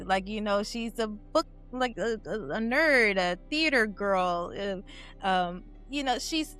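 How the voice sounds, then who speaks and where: A woman's voice: medium pitch, fairly bright tone. A young adult woman talking candidly and casually as a panelist on a game aftershow, with plenty of "like" fillers. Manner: candid and chatty, heavy use of "like". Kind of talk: casual chat.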